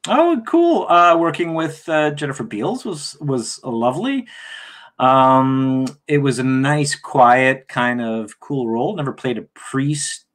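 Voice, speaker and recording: A relaxed man from Canada chats as a guest on an interview show, joking about himself and letting sentences trail off. His voice sits at an ordinary middle pitch. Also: takes it slowly. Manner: relaxed, self-deprecating, trails off. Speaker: actor guest. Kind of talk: casual interview chat.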